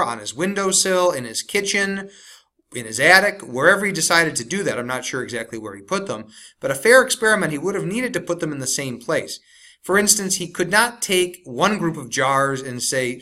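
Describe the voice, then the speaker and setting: Bright-voiced male teacher explaining slowly. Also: mid-range voice. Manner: explains step by step, slows to stress key words. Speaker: science teacher. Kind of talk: recorded classroom lesson walkthrough.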